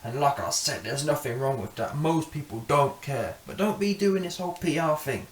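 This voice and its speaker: A man's voice: fairly high pitch, expressive, normal speed, husky. A man giving a blunt, mocking opinion monologue as a channel host, laughing at his own points.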